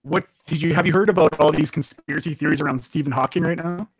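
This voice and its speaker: A man's voice: a little high, quick pace, slightly rough, poor audio. A man from Canada, a guest on a casual podcast, rambling and swearing as he laughs at his own jokes.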